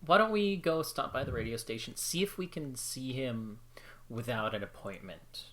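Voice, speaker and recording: A man's voice: mid-range voice, lively intonation, moderate pace, a bit bright, a little hiss or hum. A man playing a tabletop game, easygoing and thinking his plans out aloud. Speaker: player. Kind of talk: casual tabletop play.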